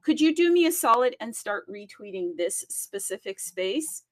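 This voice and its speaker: Chatty bubbly lady hosting a live audio room, laughs a lot, voice jumps up when excited, dry close mic. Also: on the high side, normal speed, no room sound. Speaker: host of a live audio space. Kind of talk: casual live-stream chat.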